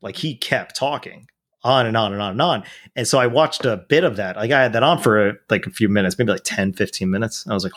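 A man's voice: mid-range voice, brisk, a bit bright. A man talking politics in a casual chat, blunt and profane, rambling with restarts.

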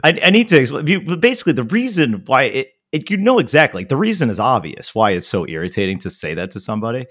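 A man's voice: mid-range voice, fast, few pauses, no echo, clean studio sound. A man co-hosting a podcast in casual chat, sarcastic and given to swearing as he tells stories. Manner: animated, swearing, sarcastic storyteller. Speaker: podcast co-host.

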